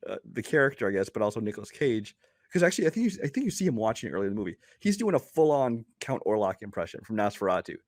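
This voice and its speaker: Fast-talking male podcast co-host. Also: on the low side, sing-song. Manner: fast, chimes in with asides and corrections. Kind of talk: casual movie discussion.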